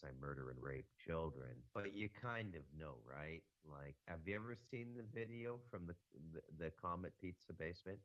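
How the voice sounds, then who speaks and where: A man with an extremely deep voice rambles through a casual podcast chat, stopping and restarting his thoughts. The sound is dry and close, with a dull, muffled quality. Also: dry recording. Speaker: podcast guest. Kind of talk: casual conspiracy talk.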